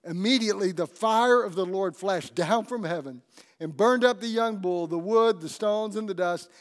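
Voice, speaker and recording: A man preaching a sermon, telling a scripture story with animated storytelling and asking the congregation questions. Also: sits high, normal speed. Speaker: pastor.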